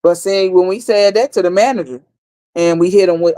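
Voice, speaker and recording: Livestream host, heated storytelling, profane, repeats lines, mid pitch, dry sound. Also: fairly even intonation, a little fast, mellow, no room sound.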